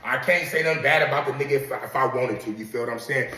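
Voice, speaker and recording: A man's voice: mid-range voice, quick pace, pushed and bright. A man casually telling his own story to an audience, in profane, streetwise talk, and he keeps checking in with his listeners. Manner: profane, streetwise, keeps checking in with "you know what I'm saying". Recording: roomy, distant from the mic.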